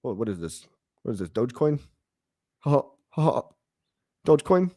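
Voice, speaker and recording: A man doing a tech mogul, middle-aged man, amused, halting, chuckles, plain dry voice. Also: mid-range voice, sing-song, mellow, dry recording. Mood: bemused.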